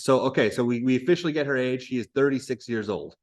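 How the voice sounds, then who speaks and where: A man reads stage directions from a play to a class. He pauses to explain points in a casual, conversational tone. His pitch sits at an ordinary middle level. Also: darkish tone. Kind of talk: reading a play aloud with commentary.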